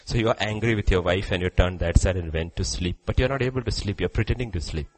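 A man preacher delivering a sermon, swinging between loud urging and quiet drops. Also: low voice, fast talker, low-quality recording.

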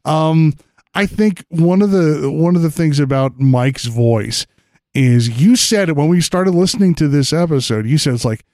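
An enthusiastic man chats casually in the studio, his pitch in the middle range. His talk is chatty and full of quick restarts. The sound is close and dry. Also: mellow, no room sound. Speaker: show creator and former host. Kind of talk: casual chat. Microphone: studio mic.

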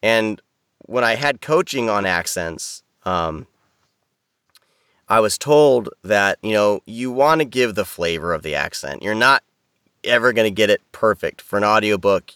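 An audiobook narrator appearing as a podcast guest talks casually over a video call, rambling with many restarts and fillers. His voice sits on the low side, a bit bright and smooth, with lively intonation and a moderate pace. The sound is clean studio quality with no echo.

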